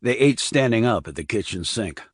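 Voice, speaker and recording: A man narrating a thriller audiobook in a steady, even reading. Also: lowish voice, normal speed, slightly rough, dry recording, studio quality.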